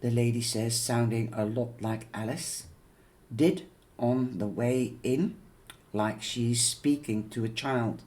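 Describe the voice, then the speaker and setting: Slow, measured male audiobook reader. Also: medium pitch, a little mellow. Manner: slow, measured, with occasional fillers and restarts. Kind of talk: reading a novel aloud.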